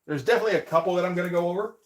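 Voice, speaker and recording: A man's voice: sits high, racing. A man chatting casually on a live stream as a comic artist, rambling and laid-back, with casual swearing.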